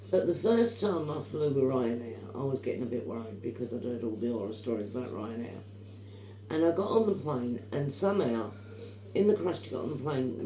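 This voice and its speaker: A middle-aged woman chatting in an emphatic, opinionated way, with a mellow, dark tone. Her voice bounces around an echoey room over a faint hum. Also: a bass voice. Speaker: vlogger. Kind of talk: casual chat.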